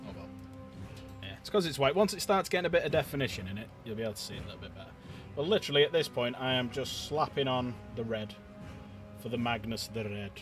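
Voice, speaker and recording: A man's voice: medium pitch, lively intonation, quick pace, fairly bright tone. Chatty man over music. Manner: chatty, loose, swears casually. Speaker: streamer painting miniatures. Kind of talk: casual livestream chat. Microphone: desk streaming mic.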